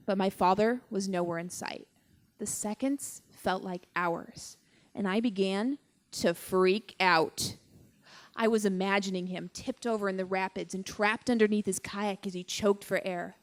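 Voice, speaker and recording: On stage before a live audience, a young woman tells a story from her own life in a medium-pitched voice. She uses dramatic pauses and keeps a dry, wry, deadpan tone.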